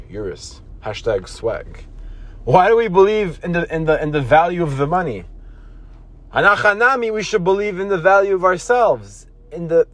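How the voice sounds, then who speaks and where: A man hosting a motivational podcast, talking earnestly with lots of restarts and repeated phrases. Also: high voice. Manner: earnest, repetitive, with many restarts; acts out scolding voices in quotes. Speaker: podcast host.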